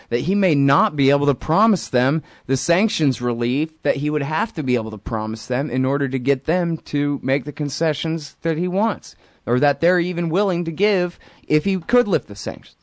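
A blunt, sarcastic man hosting a radio talk show, with an ordinary mid pitch. He rants with heavy fillers and hesitations. The studio sound is dry and close. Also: no echo. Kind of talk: opinionated radio talk and interview.

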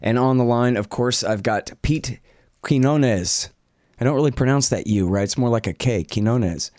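A man's voice: mid-range voice, brisk, darkish tone, no room sound, studio quality. A man hosting a casual Q and A show, talking in a rambling, self-deprecating way with plenty of fillers and the odd curse. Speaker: podcast host. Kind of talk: casual Q and A chat. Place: home office.

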